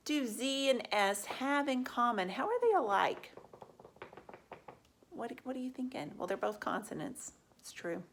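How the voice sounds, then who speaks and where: A woman's voice: a little high, slight background noise. A woman teaching a reading lesson to young children. She talks patiently, draws out letter sounds and asks the children questions.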